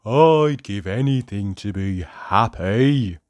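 A storybook reader voicing Mr Miserable, a gloomy little man who talks in a slow, mopey, sniffly way. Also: medium pitch, lively intonation, a little mellow, dry recording, clean studio sound. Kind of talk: storybook read-aloud.

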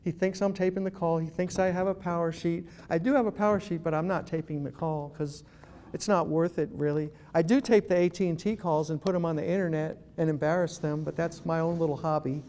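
A man's voice: a little high, steady tone, fairly quick, dark tone, slight background noise. A man giving a humorous talk to a live audience as a guest speaker, telling stories and acting out phone calls.

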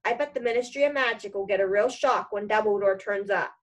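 A woman's voice: medium pitch, fairly quick, close to an everyday voice, rough recording. A woman reading aloud as a determined young boy, urgent and earnest.

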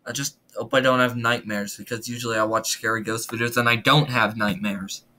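A nervous, stammering man talks through a reaction video in a casual, repetitive way. His voice is bright and sharp, sitting at a middle pitch. The sound is roomy and echoey, as if he sits a little back from a laptop mic. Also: steady tone, brisk, far from the mic. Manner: nervous, stammering, repeats himself. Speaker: gaming YouTuber reacting to videos. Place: room at home. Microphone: laptop or earbuds mic.

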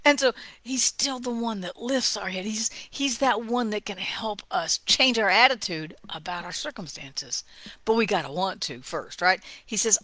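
A woman giving a heartfelt, conversational devotional talk, often dropping to a hushed whisper for emphasis. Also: medium pitch, animated, normal speed, no room sound. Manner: conversational, with asides and small laughs. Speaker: devotional speaker.

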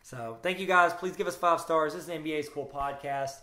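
A man's voice: fairly high pitch, brisk, pushed and bright. Jokey man chatting sports in echoey room. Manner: jokey, rambling, playful asides. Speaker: podcast co-host. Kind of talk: casual sports chat. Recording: roomy echo.

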